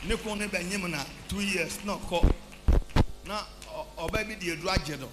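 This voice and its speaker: A man preaching as a prophet, shouting and half-singing his lines, mixing in testimony from the congregation. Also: high voice, a little fast. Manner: shouting, sing-song preaching, switches between Twi and English. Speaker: prophet leading a church service. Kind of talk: charismatic sermon with testimony. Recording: echoey church hall with background hum.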